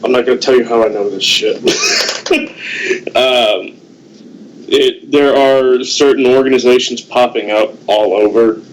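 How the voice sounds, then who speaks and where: A middle-aged man from the United States, a guest on a Skype call, giving blunt, deliberate political opinions. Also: medium pitch, fairly even intonation, slight background noise, poor audio. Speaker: guest, host's father.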